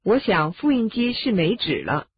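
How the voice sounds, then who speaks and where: A woman reading short prompts for a language lesson in a scripted, expressive way. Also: medium pitch, moderate pace, slightly rough, dry recording. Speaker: lesson narrator giving Chinese prompts. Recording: dull, dry lo-fi studio recording.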